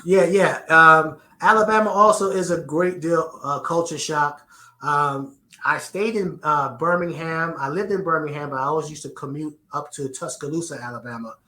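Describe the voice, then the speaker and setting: A man's voice: a little high, moderate pace, bright, forceful tone. A middle-aged man from the Bronx with a New York accent, earnestly answering interview questions and often restarting his sentences. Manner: earnest, repeats words when starting sentences. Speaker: podcast guest. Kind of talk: conversational interview. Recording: roomy echo.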